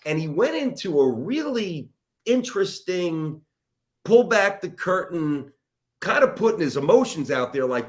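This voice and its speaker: A middle-aged sports radio host, appearing as a guest in a podcast interview, tells a long story in a voice that sits high and moves a little slowly. He's an animated, rambling storyteller who pokes fun at himself.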